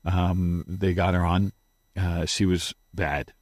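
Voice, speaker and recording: A man telling a grieving personal story as an interview guest, halting and acting out his own past words in quotes. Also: low-pitched, little pitch movement, a little mellow, no room sound.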